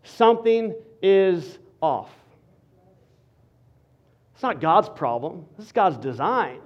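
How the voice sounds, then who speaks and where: A man preaching as a pastor, playful and animated, joking with the congregation between serious points. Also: sits high, takes it slowly, lo-fi sound. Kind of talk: sermon with humor.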